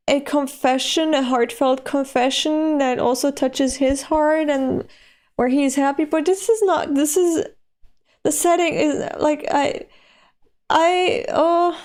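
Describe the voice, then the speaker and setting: A woman reading a manga aloud and reacting with expressive, animated commentary that jumps high when she is moved. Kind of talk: emotional read-along reaction.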